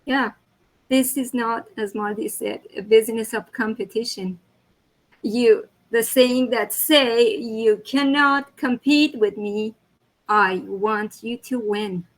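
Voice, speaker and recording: Slow-talking effusive woman host. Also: fairly high pitch, low-quality recording. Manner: warm and effusive with praise, slow. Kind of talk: hosting an online meeting.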